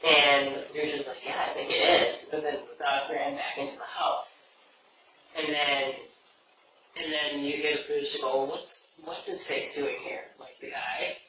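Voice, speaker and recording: A man's voice: a little high, little pitch movement, a little slow, bright, forceful tone, a little hiss or hum. A man on a podcast, casually retelling a nightmare in a rambling way, quoting people with lots of "he's like". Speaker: podcast co-host. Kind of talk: casual storytelling. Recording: distant, dull, very echoey room.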